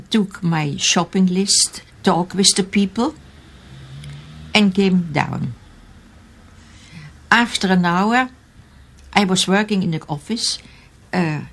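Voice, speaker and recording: Older woman, halting archive testimony in English; slow, low-pitched. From Austria. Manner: halting, searching for English words. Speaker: interviewee, eyewitness. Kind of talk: recalled testimony in an archive interview.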